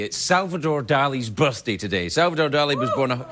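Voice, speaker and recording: A man hosting a late-night talk show, delivering an animated, joking comedy monologue on a TV studio stage. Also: mid-range voice, a little fast, a crowd in the background. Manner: animated, joking, jumps into silly voices. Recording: loud studio audience laughter and noise.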